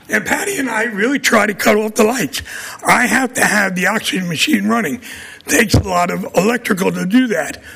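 Combative Brooklyn man with a gravelly voice. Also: high-pitched, bright, forceful tone. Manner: combative, blunt, scolding. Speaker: public commenter at a city council meeting. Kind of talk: public testimony. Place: city council chamber.

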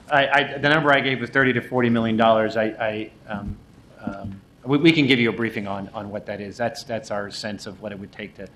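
A man's voice: on the low side, a bit bright, a little hiss or hum, rough recording. A man from agency staff answering council questions, often repeating words as he explains. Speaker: development agency staff member.

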